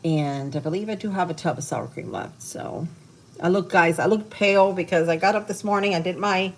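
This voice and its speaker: A woman's voice: fairly low pitch, brisk. A woman hosting a casual cooking livestream from her home kitchen, chatting with viewers as she cooks. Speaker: livestream host. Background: frying and sizzling in a kitchen.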